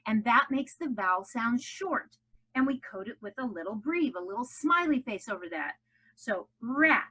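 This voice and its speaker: Woman ESL teacher, bright fairly high voice, encouraging, drawn-out vowels for young learners. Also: lively intonation, husky, poor audio. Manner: warm encouraging teacher, exaggerated stressed vowels. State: out of breath after jumping jacks. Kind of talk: recorded classroom lesson for children.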